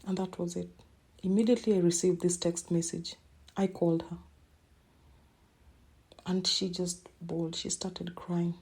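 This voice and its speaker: Soft-spoken woman with a dark, husky voice. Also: fairly low pitch, level tone. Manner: emotional, halting, repeats words. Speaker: podcast host. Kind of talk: personal storytelling monologue.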